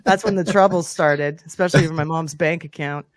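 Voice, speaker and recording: A woman's voice: sits low, steady tone, fairly quick. A woman from Canada, a podcast guest, telling stories of her youth in an upbeat, chatty way with easy laughter. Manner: upbeat storytelling, laughs easily. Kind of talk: casual chat.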